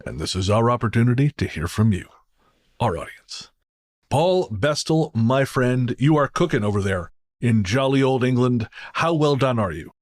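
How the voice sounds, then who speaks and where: A man's voice: mid-range voice, lively intonation, moderate pace. A man hosting a podcast in a casual, joking, storytelling way. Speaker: podcast host.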